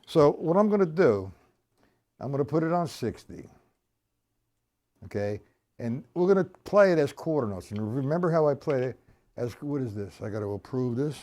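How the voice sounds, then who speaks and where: A man's voice: mid-range voice, animated, moderate pace, pauses often, dark tone. A middle-aged man, teaching drums on a live stream, chatting with viewers and explaining each stroke step by step while counting beats aloud. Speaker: drum teacher. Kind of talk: live-streamed drum lesson.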